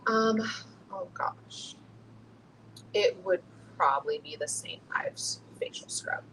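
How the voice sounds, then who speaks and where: A woman's voice: on the low side, huge pitch swings, slow pace, fairly bright tone, in a whisper, rough recording. A young woman who runs a skincare business, talking casually and laughing often. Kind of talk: casual chat.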